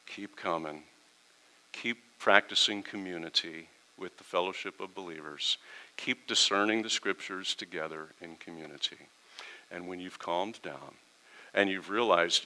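A middle-aged man preaching from the pulpit in a relaxed, conversational way. His voice sits a little low and has a very bright, forceful edge. He drops into quick little acted-out dialogues to make his points. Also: poor audio. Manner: conversational preaching, acts out quoted exchanges. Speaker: pastor. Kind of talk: sermon.

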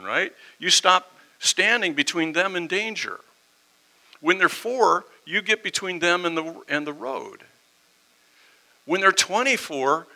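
Middle-aged guy preaching a sermon, kinda high voice, gravelly, gets loud then goes real quiet. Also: rough recording. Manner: impassioned, swings from loud emphasis to hushed tones. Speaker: pastor.

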